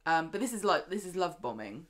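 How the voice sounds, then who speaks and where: A woman's voice: lowish voice, big pitch swings, brisk. A woman co-hosting a podcast, chatting casually and acting out characters' lines as she retells the plot. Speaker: podcast co-host. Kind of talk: casual chat recapping a soap.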